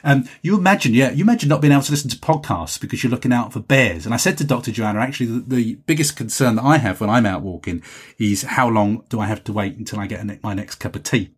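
A man hosts his own podcast and chats his way through listener messages. His voice has a husky edge and sits at an ordinary middle pitch. He rambles cheerfully and is quick to poke fun at himself. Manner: rambling, chatty, self-deprecating. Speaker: podcast host. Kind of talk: solo podcast chat reading listener messages.

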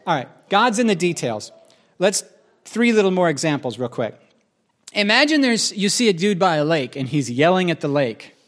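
A man's voice: sits high, very animated, normal speed, fairly bright tone. A man preaching a sermon in a conversational, joking way, with asides to the audience.

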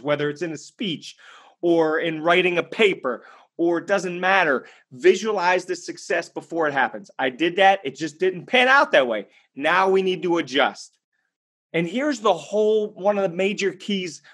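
A man's voice: a little high, fairly bright tone. A man giving a motivational monologue, telling a story in an emphatic, blunt way and answering his own rhetorical questions. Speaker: motivational speaker.

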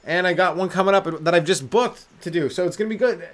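A Canadian stand-up comedian, high on weed, hosts his own podcast in a rambling solo comedy rant. His voice is a little high and expressive, fairly quick with few pauses, and he riffs while slipping into silly put-on voices and sung bits.

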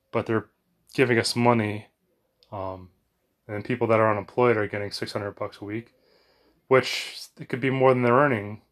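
Rambling man chatting at home, a bit low. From United States. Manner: chatty, meandering, frequent fillers and restarts. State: sweaty and warmed up after exercise. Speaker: vlogger. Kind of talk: rambling casual monologue. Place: home bedroom.

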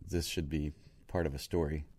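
An American man with a very low voice, telling stories in a loose, playful way. He jokes around and fills his talk with ums and restarts. He sounds like a co-host on a relaxed chat show. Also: moderate pace. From United States. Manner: joking, playful, rambling with fillers. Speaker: podcast co-host, army veteran. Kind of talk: casual chat, storytelling.

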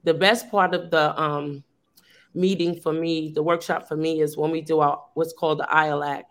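A woman whose voice sits low speaks at a moderate pace with a level tone. As a teacher and founder of a youth program, she shares casually and earnestly over a video call for a long while, leaning on fillers and frequent restarts.

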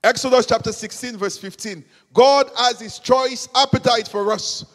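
A man's voice: very high voice, moderate pace, a bit bright. A man. He is emphatic, repeats his phrases and climbs to fervent peaks. His voice rings with the long reverb of a large hall. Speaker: preacher. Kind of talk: sermon.

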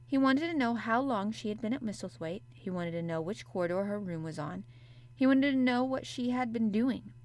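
A woman narrating a classic novel in an even, measured storytelling manner. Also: fairly low pitch. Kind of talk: audiobook narration.

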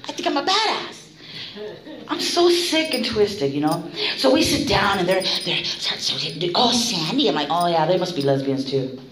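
A woman's voice: fairly low pitch, very animated, moderate pace, over music. A middle-aged woman shares her story at a recovery meeting, blunt and full of swearing. Her voice rises and falls widely as she laughs her way through it. The room around her sounds echoey.

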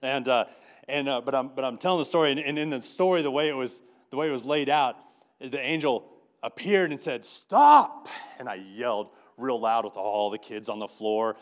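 A man's voice: mid-range voice, fairly even intonation, fairly quick. A man preaching a sermon in a conversational way, often restarting and repeating words as he tells a story. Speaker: pastor.

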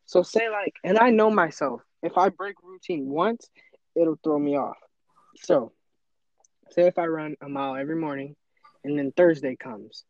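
A man's voice: a little high, moderate pace, no room sound, highs cut off. A teenage boy in casual chat, earnest and motivational, often acting out his own inner voice. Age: teens. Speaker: podcast co-host.

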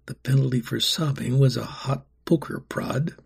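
A man narrating a storybook in a grave, steady telling. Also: mid-range voice, normal speed, vocal fry, husky.

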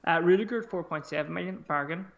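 A podcast co-host with a high, gravelly male voice talks quickly in a casual fantasy football chat, cursing freely as he reasons through his squad picks out loud. The recording sounds muffled.

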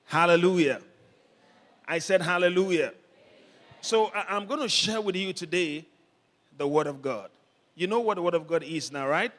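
A man preaching a sermon as pastor, leading the congregation in call-and-response and building up to shouts. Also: high voice, moderate pace, long pauses. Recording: long hall reverb.

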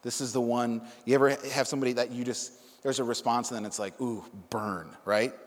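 A man's voice: medium pitch, steady tone, quick pace, long reverb tail. A male preacher giving Bible teaching, reading scripture aloud and breaking off for casual asides to the listeners.

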